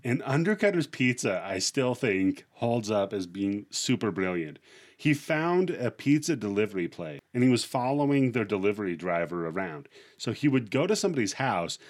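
A man on a casual podcast, telling stories animatedly and acting out the people in them. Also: medium pitch. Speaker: podcast co-host. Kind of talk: casual chat.

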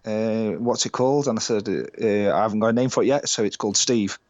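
A man's voice: fairly low pitch, brisk, darkish tone, dry recording, highs cut off. A British man in his thirties, a musician, telling stories and swearing freely in casual podcast chat. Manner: sweary, storytelling, laughing often. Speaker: band musician guest.

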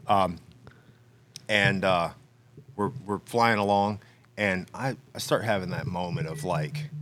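Lowish guy telling a wild story on a podcast, does all the voices, laughs a lot. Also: takes it slowly, long pauses. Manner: animated storyteller, acts out dialogue, laughs often. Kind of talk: casual storytelling chat.

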